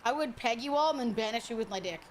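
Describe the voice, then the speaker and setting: A woman's voice: on the high side, animated, quick pace. Crude, teasing woman streamer. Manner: crude, teasing banter with chat; frequent laughter. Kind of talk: casual game-stream chat.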